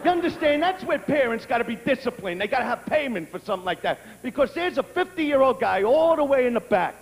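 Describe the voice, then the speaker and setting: A man doing a profane live stand-up routine, brash and crude, breaking into shouts. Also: very high-pitched, sing-song, fast talker, creaky. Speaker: stand-up comedian. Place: stage before a live audience. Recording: reverberant live venue with crowd.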